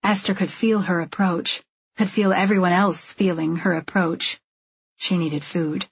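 Husky-voiced woman reading a novel. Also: on the low side, steady tone, a little slow, dry recording, dull audio. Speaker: audiobook narrator. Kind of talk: scripted narration.

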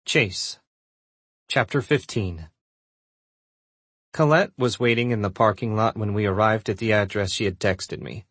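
Man, low voice, husky texture, first-person romance narration, dry studio sound. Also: unhurried, pauses often, a bit bright, dry recording. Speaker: audiobook narrator.

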